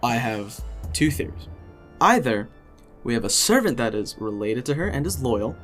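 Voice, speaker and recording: Audio drama: a man as a stammering young servant, animated, faint music under. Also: medium pitch, normal speed. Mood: nervous. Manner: stammering, hesitant. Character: nervous young male servant, eager.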